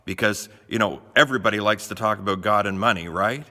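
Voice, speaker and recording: A middle-aged male pastor from Canada speaks in a bright, lowish voice with an easy, folksy delivery, often restarting his sentences. His voice rings with a long reverb, as if heard in a large hall. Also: fast. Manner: conversational, folksy, with frequent restarts. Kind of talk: short devotional talk.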